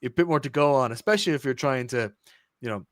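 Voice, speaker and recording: A man with an Irish accent co-hosting a casual sports podcast, chatty and full of quick restarts. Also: mid-range voice, no room sound, studio quality. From Ireland. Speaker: podcast co-host.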